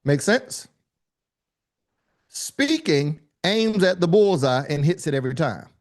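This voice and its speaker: A man teaching a live online speaking workshop, with lively, colloquial, high-energy delivery, calling on attendees by name. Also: takes it slowly. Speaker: speaking coach.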